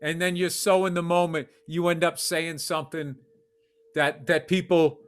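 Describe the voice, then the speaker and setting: A man co-hosting a podcast, telling animated, profane stories in casual chat. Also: on the high side, moderate pace, clean tone. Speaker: podcast co-host.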